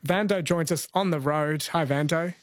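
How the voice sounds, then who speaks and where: A man hosting a live radio quiz, brisk and chatty. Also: a little high, dry recording.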